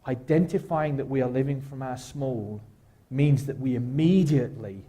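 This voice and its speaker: Man leading a gentle church talk. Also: medium pitch. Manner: slow, gentle guided-exercise delivery with wry humor. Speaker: guest speaker. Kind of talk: guided reflection talk at church. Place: church sanctuary.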